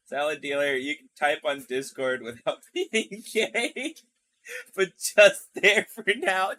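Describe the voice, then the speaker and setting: High, lively young male game streamer. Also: a little slow. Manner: chatty and jokey, reads game lines aloud, talks to chat. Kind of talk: live game stream commentary.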